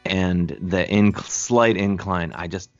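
A man's voice: sits low, slow, muffled recording, faint music behind. A man telling a casual anecdote, rambling with many fillers and restarts and acting out the voices of others. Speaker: storyteller guest.

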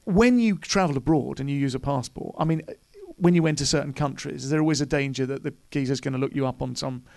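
A man's voice: mid-range voice, quick pace, vocal fry, a little mellow. A man interviewing a guest, asking playful, chatty questions.

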